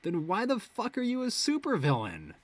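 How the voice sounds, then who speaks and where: A man's voice: high voice, huge pitch swings, moderate pace, pitched above the performer's own voice, full character voice. A man reading as a flippant teen boy villain. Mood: offhand. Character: blunt flippant teenage boy supervillain.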